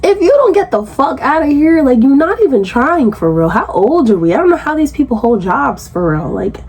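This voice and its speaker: A woman recapping a reality show in casual commentary, blunt and profane, jumping into high outraged pitch when incredulous. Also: sing-song, moderate pace, darkish tone.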